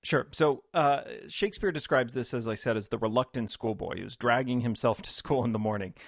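A man's voice: mid-range voice, a little fast, creaky, no room sound, clean studio sound. A man, a pastor and author, thoughtfully explaining scripture as a guest in a radio interview. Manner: reflective, explains scripture with quoted voices.

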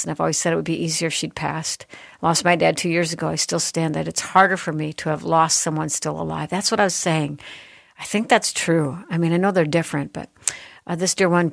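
A woman with a low, gravelly voice hosts a faith-based talk show. She reads listener messages gently and answers with tenderness. The sound is close and dry, like a studio mic. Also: no room sound. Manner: gentle, tender, softening at heartfelt moments. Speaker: host. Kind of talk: reading listener texts on a Christian talk show.

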